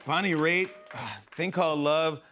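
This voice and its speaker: A man in his forties hosting a talk show, telling an excited, rambling story full of fillers and quick impressions. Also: fairly high pitch. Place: television studio.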